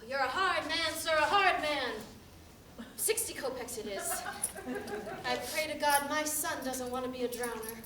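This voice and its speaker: A woman's voice: high-pitched, moderate pace, a crowd in the background, lightly acted. A woman playing a scheming male con man who stages fake drownings, haggling and theatrical. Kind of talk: amateur stage acting. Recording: echoey hall, from far off, noisy.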